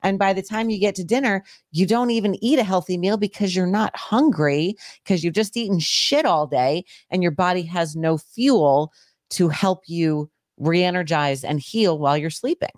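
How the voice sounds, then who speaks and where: A woman co-host talks in a chatty, loose way, full of fillers. Her voice is quite low for a woman, and the sound is dry and close with no room echo around it. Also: normal speed, darkish tone. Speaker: podcast co-host. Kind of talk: casual talk show chat.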